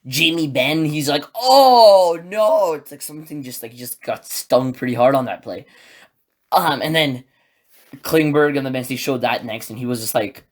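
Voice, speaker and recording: A man talks alone into his podcast mic in a mid-range voice, neither high nor low. He is excitable and rambling and packs his sentences with filler words. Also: moderate pace. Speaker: podcast host. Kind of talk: solo podcast commentary, casual.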